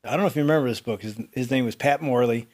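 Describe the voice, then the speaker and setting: A man's voice: mid-range voice, very fast. A middle-aged man co-hosting a casual chat, telling stories and acting out the voices of people in them. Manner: animated storyteller, acts out quoted voices. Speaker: co-host.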